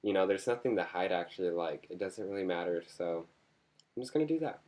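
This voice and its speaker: A man's voice: low voice, animated, a little fast, darkish tone. A man vlogging in a casual chat to his camera, rambling from topic to topic with jokes and self-mocking asides.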